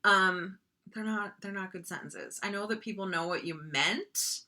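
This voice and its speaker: Chatty woman teacher from North Dakota, bright. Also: mid-range voice, unhurried. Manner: chatty, frequent ums and likes, mock voices for examples. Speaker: writing teacher. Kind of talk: casual classroom lecture.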